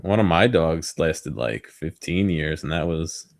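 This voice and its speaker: A man's voice: extremely low pitch, animated, unhurried, vocal fry. A man co-hosting a podcast, chatting casually about a film in a thoughtful, hesitant way. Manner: thoughtful, hesitant, trails off softly. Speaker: podcast co-host.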